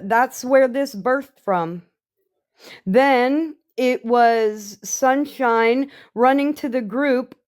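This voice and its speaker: A woman's voice: a little high, smooth. A woman on a livestream, ranting in a profane and exasperated way about a falling-out. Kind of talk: angry livestream rant.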